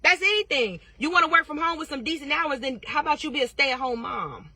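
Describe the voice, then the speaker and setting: A woman's voice: high-pitched, lively intonation, quick pace, bright, forceful tone. A woman tarot reader giving blunt, profane advice in a casual vlog, firing off repeated questions.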